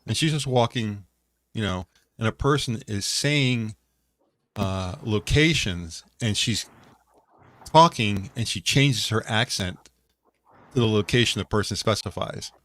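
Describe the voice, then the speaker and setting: A man's voice: on the low side, measured pace, pauses often, fairly bright tone. A man co-hosting a casual online talk show, telling rambling stories with many restarts. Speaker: podcast co-host. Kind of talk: casual chat.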